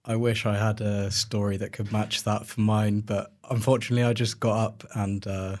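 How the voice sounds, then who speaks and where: A young man with a low voice hosts a student interview. He sounds relaxed and chatty, using casual fillers. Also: moderate pace. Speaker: host.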